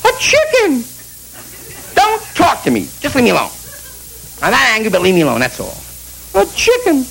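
A shrill, outraged wife snaps at her husband in short, clipped bursts, as a male comedian puts her on. Her voice jumps well above his own and swings widely from word to word. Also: huge pitch swings, moderate pace, creaky, a bit bright, slight background noise, exaggerated voice, poor audio. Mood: indignant.

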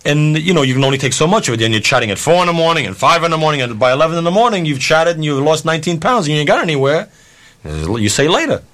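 Male storyteller, concert promoter type, lively pitch swings, salty language, plays every line of dialogue himself. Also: quick pace. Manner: animated, profane, acts out dialogue. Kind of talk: storytelling anecdote.

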